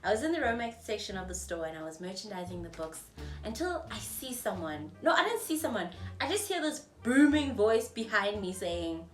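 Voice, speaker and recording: Young south african woman doing a storytime vlog, pitch all over the place, echoey room, mic kinda far. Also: normal speed, soft background music. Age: 20s. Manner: animated, chatty, acts out dialogue in shifting voices. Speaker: vlogger.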